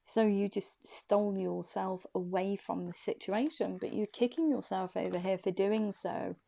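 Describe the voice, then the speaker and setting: A woman giving a loose, chatty tarot reading to her viewers, speaking in drawn-out phrases and laughing easily. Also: medium pitch, gravelly, mellow. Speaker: tarot reader. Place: room indoors.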